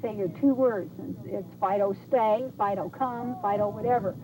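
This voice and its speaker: A woman's voice: mid-range voice, normal speed. A woman animal trainer coaching pet owners through commands, repeating her instructions with encouragement. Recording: noisy outdoor VHS recording.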